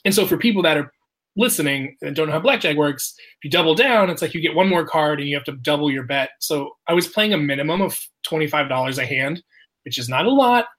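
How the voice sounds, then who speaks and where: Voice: mid-range voice, fairly bright tone. A person telling a casual story, swearing often, laughing and acting out the quotes of others.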